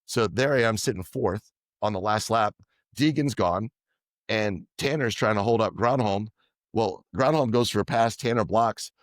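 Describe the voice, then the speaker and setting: Low-voiced man telling animated stories. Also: normal speed, no echo, studio quality. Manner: animated anecdotes, quoting others in dialogue. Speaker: guest. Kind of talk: casual storytelling interview.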